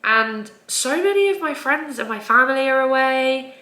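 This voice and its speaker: Bright-voiced young woman vlogging. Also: high-pitched, lively intonation, normal speed. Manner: rambling, frequent nervous laughs, swearing. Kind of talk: casual confessional vlog. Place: home, indoors. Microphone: camera. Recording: echoey room.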